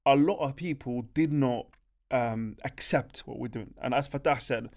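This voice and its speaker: A young man tells a story on a podcast. He talks in a lively, casual way, keeps checking that his listeners follow him, and his voice sits at a middle pitch for a man. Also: normal speed. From Birmingham, England. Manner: animated, chatty, peppers speech with "bro" and "do you know what I mean". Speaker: podcast co-host.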